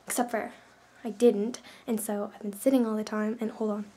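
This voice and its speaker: A woman's voice: fairly high pitch, level tone, fairly quick, warm tone, slightly rough. A woman from Canada, chatting casually in a vlog, rambling with lots of fillers. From Canada, New Brunswick. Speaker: vlogger.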